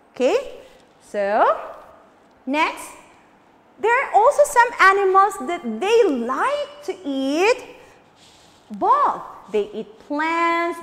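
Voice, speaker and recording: A woman teacher leads a lesson for young children, drilling new words over and over and coaxing her class to repeat. Her voice sits high and swings widely in pitch, and she takes an unhurried pace. A long reverb trails behind her voice. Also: a bit bright.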